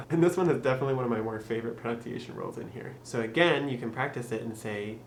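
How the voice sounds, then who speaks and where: An upbeat young man talks through a casual tutorial, slowing down to drill each phrase. His voice is mid-pitched and rings in an echoey room with a faint hiss behind it. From Michigan. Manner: upbeat, laughs often, slows for drilled phrases. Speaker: YouTube tutor.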